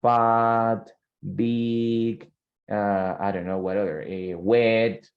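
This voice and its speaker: A man's voice: on the low side, flat delivery, very slow, phone-quality sound. Man teaching English in a voice. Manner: switches between English and Spanish, quizzes students. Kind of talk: bilingual classroom lesson.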